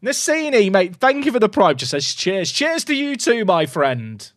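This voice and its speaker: A man streaming a football management game, talking to his chat and swinging from low muttering to excited shouts. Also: normal speed, no echo, studio quality. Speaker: gaming streamer. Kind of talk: live game commentary to chat.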